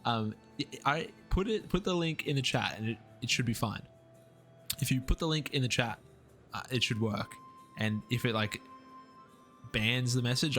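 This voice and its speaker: A man's voice: mid-range voice, fairly bright tone. A young Australian man with an Australian accent, rambling casually and upbeat while streaming a strategy game and chatting with viewers. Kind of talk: casual live-stream gameplay chat. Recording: faint music behind the voice. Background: faint background music.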